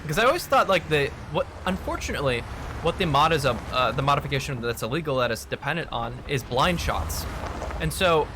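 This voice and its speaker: Male gaming host, slightly high voice, casual and agreeable, noisy call audio. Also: expressive, brisk.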